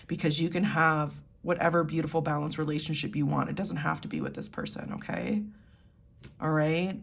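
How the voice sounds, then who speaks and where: A woman's voice: low-pitched, expressive, brisk, gravelly. A woman doing a casual tarot reading, chatty and giggly, with lots of "like". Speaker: tarot reader.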